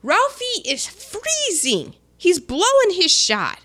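A woman's voice: very high voice, wildly swooping pitch, takes it slowly, pushed and bright. A middle-aged woman in casual chat, animatedly retelling film scenes and slipping into voices.

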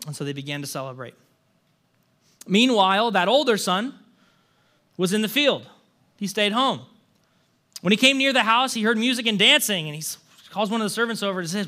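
A man's voice: high voice, expressive, fairly quick, long pauses, pushed and bright. A young male pastor preaching a sermon, reading a scripture story aloud and then talking to the congregation in an earnest, conversational way. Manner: conversational, earnest, with restarts and "right?" asides.

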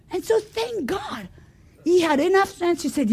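High-voiced woman preaching a sermon. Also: sing-song, a little slow. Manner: storytelling, acting out the characters' voices; swings from quiet asides to shouted exclamations.

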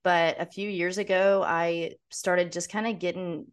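An eager woman guest tells her story in a casual podcast chat, full of ums and restarts. Her voice sits a little on the low side. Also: steady tone, a little slow, smooth. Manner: eager and talkative, with fillers and restarts. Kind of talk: casual interview answer.

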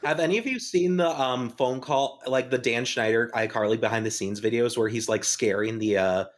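A podcast co-host in casual chat, wry and deadpan, talking with many fillers. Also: medium pitch, moderate pace.

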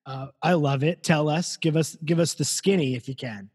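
A man co-hosting a casual podcast chat over a video call, joking and reading out listener comments in an animated way. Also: a little high, moderate pace, slightly rough. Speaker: podcast co-host.

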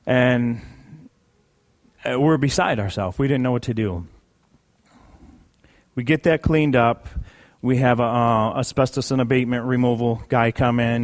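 A man sharing a personal testimony in a sermon, conversational and emphatic, repeating key phrases for weight. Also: mid-range voice. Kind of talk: sermon storytelling.

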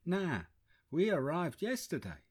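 A man's voice: a little high, wildly swooping pitch, unhurried, slightly rough, voice pushed up, heavily acted. A man voicing a casual, unbothered young man with an Indian accent that has an American twang. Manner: blunt, casual slang.

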